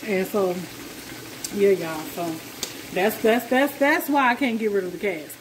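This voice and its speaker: A woman's voice: mid-range voice, animated, a little slow, slight background noise. A woman chatting casually and folksily to her viewers while she cooks at home. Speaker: cooking vlogger. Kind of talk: casual chat while cooking. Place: home kitchen. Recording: echoey kitchen with loud frying sizzle. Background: frying sizzle.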